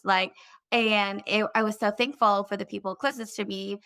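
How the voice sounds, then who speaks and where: A woman in her thirties tells her personal story candidly as an interview guest. Her bright voice has a gravelly edge of vocal fry, and she speaks earnestly in quick bursts. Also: mid-range voice, fairly even intonation. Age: 30s.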